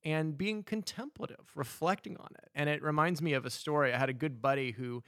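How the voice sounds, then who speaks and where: A man with a somewhat high voice talks in a lively, animated way and moves quickly between thoughts and anecdotes. His voice sounds close and dry, with no room echo. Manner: animated storyteller, quick asides. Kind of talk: casual chat.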